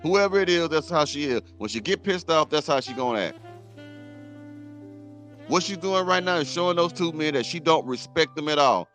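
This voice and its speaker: A man's voice: fairly high pitch, expressive, moderate pace, a bit bright, faint music behind. A man hosting a reaction show, ranting bluntly and heatedly at a clip he is playing. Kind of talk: commentary rant.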